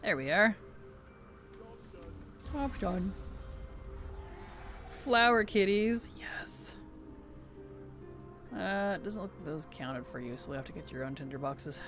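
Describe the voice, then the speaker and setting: Playful high-voiced man streaming a game. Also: a little slow, pauses often, soft background music. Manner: playful, giggly, animated. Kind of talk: casual gaming stream chat.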